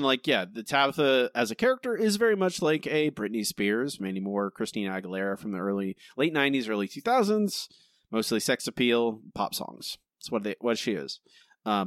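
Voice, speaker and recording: A man's voice: on the low side, fairly bright tone, no echo, studio quality. A young man co-hosting a podcast, ranting in a casual, exasperated way and repeating his points. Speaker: podcast co-host.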